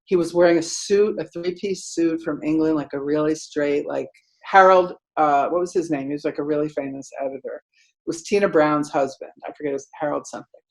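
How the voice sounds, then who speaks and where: Lively low-voiced woman telling a story. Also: a little fast, low-quality recording. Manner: animated, acts out quotes loudly; rambling, many "like" fillers. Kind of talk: casual storytelling.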